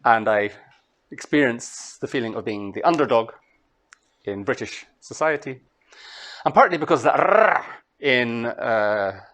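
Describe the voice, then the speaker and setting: A man from Scotland with a Scottish accent, giving a master class to students in an unhurried, explanatory way with thoughtful pauses. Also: medium pitch, expressive, fairly bright tone. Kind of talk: lecture to students.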